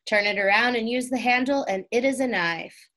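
A kind, eager older boy in a storybook, as a woman reading aloud puts him on. He sounds cheerful and proud, his voice lifting on the exciting bits of his news. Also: a little high, normal speed, natural voice. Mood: friendly.

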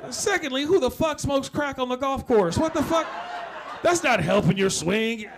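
A man's voice: extremely high pitch, lively intonation, normal speed, vocal fry, a crowd in the background. A man performing stand-up comedy with punchy, profane delivery, laughing at his own lines. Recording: noisy live recording.

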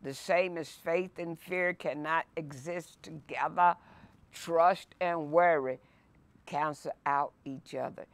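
A woman pastor leading a Bible lesson, reading scripture aloud and preaching with slow emphasis and repetition. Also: deep voice, steady tone. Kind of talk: sermon-style Bible lesson. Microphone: no mic, by her own words.

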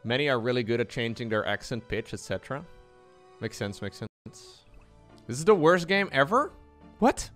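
A man chatting casually and jokingly on his live stream, animated and playful. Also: normal speed, faint music behind. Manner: joking, animated, with playful high-pitched squeals.

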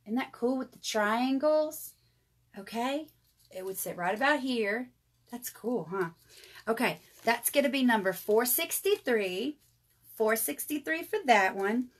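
A woman's voice: a little high, lively intonation, unhurried. Chatty woman selling jewelry live. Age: 30s. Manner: chatty, addresses viewers as y'all. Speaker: jewelry seller hosting a live sale. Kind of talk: casual live sales chat.

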